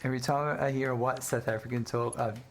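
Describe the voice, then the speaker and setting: A man's voice: medium pitch, fairly even intonation, fast, a little hiss or hum. A man chatting casually with viewers while streaming a video game, reading chat aloud and laughing easily.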